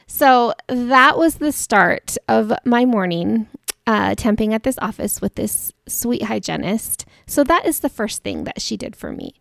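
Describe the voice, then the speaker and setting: A woman's voice: a little high, expressive, a little slow, gravelly, a bit bright, no room sound, clean studio sound. A woman hosting a podcast, telling a personal story in a chatty way and laughing at herself. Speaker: podcast host.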